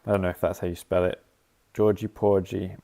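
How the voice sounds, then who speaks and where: Low-voiced man demoing an app. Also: little pitch movement, fairly quick, vocal fry, dark tone. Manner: thinks aloud while clicking, scats rhythms as "da da". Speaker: app developer demonstrating features. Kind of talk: casual live-stream software demo.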